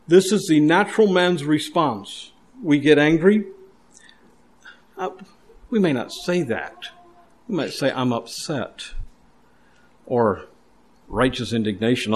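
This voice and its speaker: Man, preacher, sermon, earnest, repeats words, slightly high voice. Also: a little mellow. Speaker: pastor.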